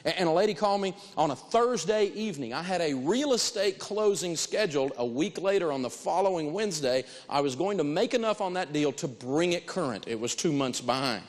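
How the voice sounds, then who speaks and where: A man giving an animated talk on negotiating, telling personal stories and repeating key phrases for emphasis. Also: on the high side, a little fast, few pauses, big-room sound. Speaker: financial speaker teaching negotiation.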